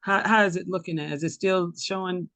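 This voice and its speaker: A speaker with a warm Southern US drawl chats easily on a video call, laughing often and restarting sentences as the thoughts come. The sound is dry and close, with no room around the voice. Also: medium pitch, fairly even intonation, brisk, dry recording. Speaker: teacher selling an online course. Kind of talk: casual video call chat.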